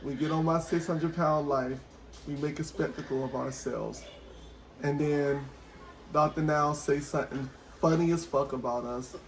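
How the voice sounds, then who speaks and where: A man with a notably high voice trades loose, profane banter as a podcast co-host. He is animated and slips into impressions of other people as he talks. A faint hum sits under the recording. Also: normal speed. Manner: animated, swearing, acts out voices. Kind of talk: casual podcast chat.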